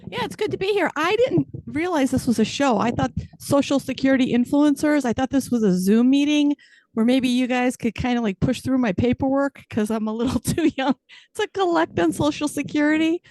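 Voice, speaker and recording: Middle-aged woman comic, dry self-mockery, slightly high voice, dry sound. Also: moderate pace, a little mellow, no room sound. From Chicago, US. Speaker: stand-up comedian. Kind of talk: stand-up set on a video call.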